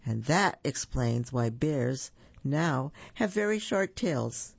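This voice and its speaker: A man reads children's stories aloud in a friendly way, correcting his own slips. His voice is gravelly, husky and dry, on a dull, lo-fi recording. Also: medium pitch, dry recording. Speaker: storyteller. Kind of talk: reading storybooks aloud for children.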